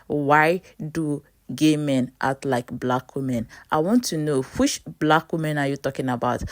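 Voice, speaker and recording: A woman's voice: low-pitched, dry recording, studio quality. A woman reacting to a clip and pressing with challenging rhetorical questions. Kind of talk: reaction video commentary.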